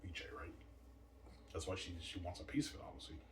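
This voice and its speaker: A man's voice: low-pitched, lively intonation, fast, fairly bright tone. A man rambling and boasting in a repetitive monologue, recorded in a roomy space far from the mic. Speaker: vlogger. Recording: roomy, distant from mic, faint noise.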